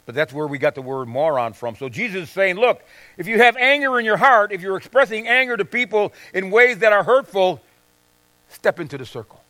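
A man's voice: high-pitched, lively intonation, fairly quick, sharp tone, no room sound. A middle-aged male pastor giving a conversational sermon to a congregation, often acting out quoted voices and asking "right?" and "okay?". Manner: conversational, confessional preaching with acted-out quotes. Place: church sanctuary with congregation.

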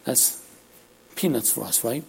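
With a gravelly edge and a middle-range pitch that's neither high nor low, a male preacher delivers an animated, loose sermon. He frequently checks in with "all right?", and there's slight background noise.

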